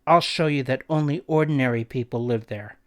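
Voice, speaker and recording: A man's voice: medium pitch, a little fast, close to an everyday voice. A man voicing a brash, mocking teenage boy who likes pranks.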